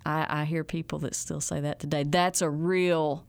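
A woman from the Ozarks with an Ozark accent, explaining local folkways in an unhurried, folksy way and drawing out her words. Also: low voice, fairly even intonation, gravelly, clear, resonant tone, dry recording. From Ozarks, USA. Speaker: presenter of Ozark folkways programs. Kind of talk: interview, storytelling explanation.

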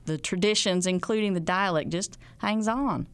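A woman from the Ozarks with an Ozark accent, explaining local folkways in an unhurried, folksy way and drawing out her words. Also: mid-range voice, smooth, no room sound. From Ozarks, USA. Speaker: presenter of Ozark folkways programs. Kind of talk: interview, storytelling explanation.

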